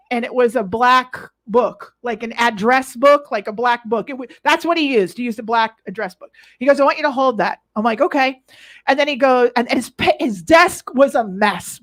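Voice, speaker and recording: A woman co-hosts a casual chat show, her voice sitting high as she tells animated stories full of laughs and loud acted-out quotes.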